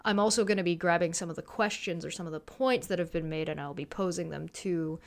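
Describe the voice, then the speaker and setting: A woman's voice: lowish voice, fast talker, vocal fry. A woman hosting a casual livestream, giving chatty announcements and reading out viewer questions. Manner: chatty, loose announcements with fillers.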